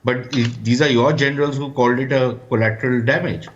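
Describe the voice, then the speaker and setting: A man's voice: mid-range voice, steady tone, fairly quick, highs cut off, a little hiss or hum. A man, arguing bluntly as a panelist in a heated TV debate. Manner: blunt and combative.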